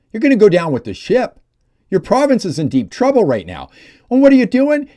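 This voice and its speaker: A man's voice: on the high side, dark tone. A man delivering a heated opinion vlog about politics, emphatic and ranting. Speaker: political commentator.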